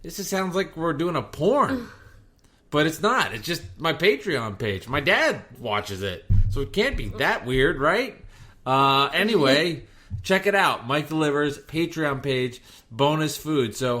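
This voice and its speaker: A man's voice: on the high side, animated, measured pace, sharp tone. A man, hosting a casual podcast from his home garage, jokey and self-deprecating. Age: 30s. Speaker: podcast host. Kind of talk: casual podcast chat and host-read ads.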